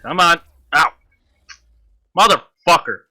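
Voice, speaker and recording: Man, gamer, cursing nonstop at the boss, very bright tense voice, slightly high. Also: expressive, slow. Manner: frustrated, swearing constantly, talking to the enemy. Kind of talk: live gameplay commentary.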